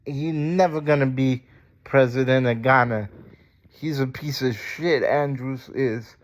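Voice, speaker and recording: A man's voice: medium pitch, unhurried. A man ranting in a casual vlog, heated, profane and indignant. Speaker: vlogger. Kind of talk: angry casual rant to camera.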